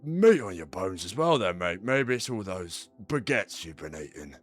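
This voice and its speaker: A man doing a gruff, swearing stablehand. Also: low voice, very animated, moderate pace, faint music behind. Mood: mocking. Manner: blunt, swearing, exasperated. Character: gruff male stablehand guarding horses, blunt.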